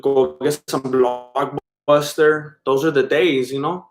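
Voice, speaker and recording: A man's voice: medium pitch, fairly even intonation, slow. A man hosting a live stream in casual chat, rambling and laid-back as he reacts to viewer comments. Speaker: livestream host.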